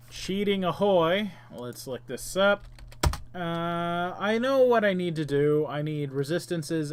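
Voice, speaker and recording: Laid-back, slow-talking male game streamer. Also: mid-range voice, smooth. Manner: chatty, laid-back, muttering to himself while playing. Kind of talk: casual let's-play commentary, reading game text aloud.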